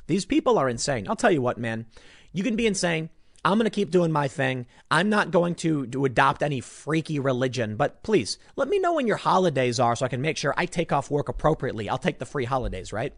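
A sarcastic man giving opinionated commentary in a fairly high, very lively voice. He mocks as he goes, jumping from loud outbursts to low muttered asides. The recording is close and dry. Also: fairly quick, no echo.

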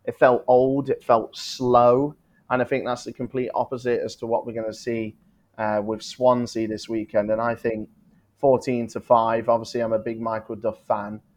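A man's voice: mid-range voice, moderate pace. Casual man chatting betting tips. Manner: relaxed, rambling, self-correcting with laughs. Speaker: betting podcast co-host.

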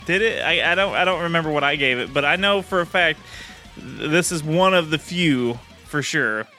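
A man's voice: on the high side, lively intonation, moderate pace, bright, forceful tone, soft background music. A man co-hosting a game review show, easygoing and laughing along with his partner.

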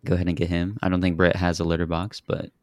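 A man hosting a film podcast, giving a measured, methodical review in casual chat. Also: low voice, monotone, a little mellow. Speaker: podcast host.

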